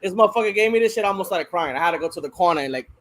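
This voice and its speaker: A man in casual chat with friends, excitable and profane, often laughing as he talks. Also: high-pitched, rapid-fire.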